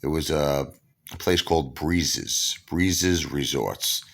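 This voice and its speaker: A man's voice: rumbling low, slow pace, vocal fry. A man from Brooklyn, telling a casual anecdote to camera and acting out the dialogue himself. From Brooklyn, New York. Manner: animated, acts out the dialogue himself. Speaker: storyteller.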